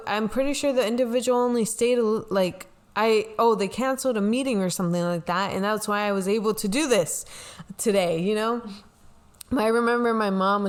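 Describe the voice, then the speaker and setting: A young woman co-hosting a talk show, telling a personal story in a rambling, casual way, full of "like" and "you know.". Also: medium pitch. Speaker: podcast co-host, pastor's kid. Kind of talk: casual confessional chat.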